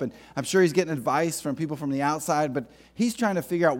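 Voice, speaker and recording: A man preaching in a relaxed, conversational way, with a slightly raised pitch. He tells stories and slips in jokes. The delivery has the casual feel of a pastor talking to his congregation. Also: quick pace, few pauses. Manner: conversational, joking, storytelling. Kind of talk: sermon.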